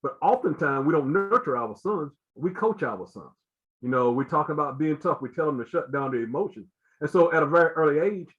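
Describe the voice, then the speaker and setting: An earnest man explains his point as a guest on a talk show. His voice sits a bit high, he circles back with repeated words and "you know", and the audio sounds dull and lo-fi. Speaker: guest speaker.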